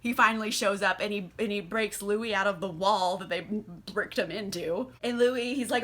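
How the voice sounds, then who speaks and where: A tipsy woman giving a casual book recap, animated, swearing and laughing often. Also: mid-range voice, normal speed, hardly any pauses. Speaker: book reviewer.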